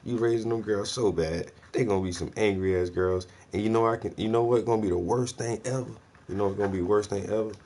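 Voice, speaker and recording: A man's voice: lowish voice, steady tone, fast, hardly any pauses, darkish tone. A man ranting casually about his neighbors, slangy, profane and full of laughs. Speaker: vlogger, artist. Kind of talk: casual rant.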